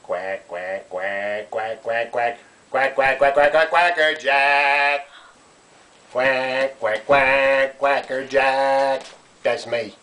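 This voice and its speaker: A man's voice: mid-range voice, steady tone, drawn-out words, sharp tone. A man voicing a silly, chatty male duck puppet that quacks and teases. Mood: playful. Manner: playful teasing, quacking.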